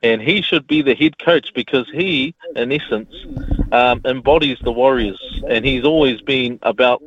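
A man's voice: mid-range voice, normal speed. A man with a New Zealand accent ringing talkback radio, frustrated and saying "mate" a lot. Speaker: caller. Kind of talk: phoned-in talkback rant. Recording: dull lo-fi phone audio.

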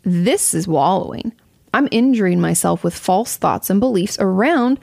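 Candid woman with a gravelly edge. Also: medium pitch, moderate pace, no echo. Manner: candid, swears freely, animated and conversational. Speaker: host answering audience questions. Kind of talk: casual advice talk. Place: home.

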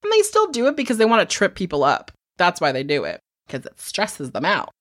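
A woman co-hosting a casual true crime podcast, telling the case in an animated way, swearing freely and acting out what people said. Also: on the low side, fairly quick, no echo, studio quality. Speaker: podcast co-host.

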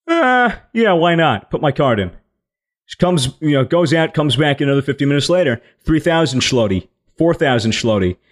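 Young man with blunt, swearing storytelling. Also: on the high side. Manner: blunt, swearing, stumbling restarts. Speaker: podcast co-host telling a story. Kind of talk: casual storytelling chat.

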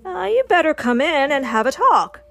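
A woman's voice: high-pitched, big pitch swings, moderate pace, a bit bright, soft background music, pitched above the performer's own voice, heavily acted. A woman doing a hearty, helpful grown man.

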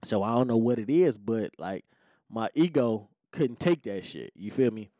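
A man's voice: fairly low pitch, expressive, moderate pace, dark tone, no echo, clean studio sound. A man around forty, a podcast host, telling a personal story in a blunt, laid-back, profane way and often asking "you know what I'm saying". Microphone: podcast microphone.

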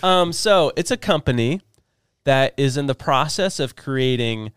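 A man co-hosting a podcast, eagerly explaining a topic in casual chat with quick asides. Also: medium pitch, animated, a bit bright, clear, resonant tone, no echo, studio quality. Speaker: podcast co-host.

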